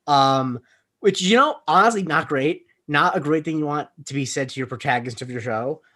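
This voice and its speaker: A man's voice: a little high, a little fast, bright, forceful tone. A man recapping a TV episode in casual podcast chat, rambling with many fillers and joking at his own expense. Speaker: podcast co-host.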